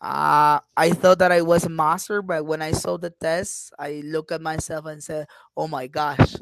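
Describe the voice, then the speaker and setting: A woman English teacher runs an online class over a video call. She talks slowly and patiently, drawing out her words and often adding encouraging uh-huhs. Her voice sits at a middle pitch and sounds dry and close. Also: level tone, gravelly, no echo, rough recording.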